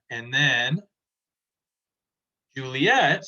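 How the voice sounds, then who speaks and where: A man's voice: mid-range voice, moderate pace, pushed and bright, dull audio. A male teacher casually explaining a play scene by scene, retelling it in everyday words.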